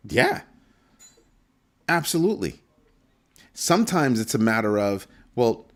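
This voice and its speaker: A man hosting a casual live-stream crypto show, talking through numbers with animated swings between calm and mock panic. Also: on the low side.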